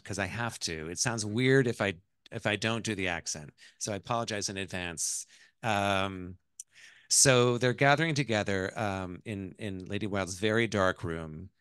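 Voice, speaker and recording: Chatty man, a low, dry voice. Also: clean tone, no room sound. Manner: animated, chatty, with many restarts. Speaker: author. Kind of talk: bookshop author conversation.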